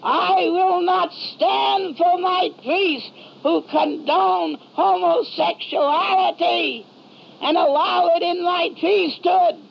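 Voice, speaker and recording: A woman voicing an angry divine male figure who pronounces judgment in a raised, slow, declamatory voice. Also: very high voice, steady tone, gravelly, a little hiss or hum, exaggerated voice. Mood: furious shouting. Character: wrathful divine man, thundering judgment. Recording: dull lo-fi old recording.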